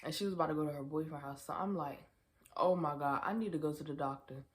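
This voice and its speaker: A young woman with a slightly low voice tells a casual storytime vlog. She is animated and profane, acting out the quotes of the people in her story. Her tone at times turns tearful. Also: fast. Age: young adult. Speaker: vlogger.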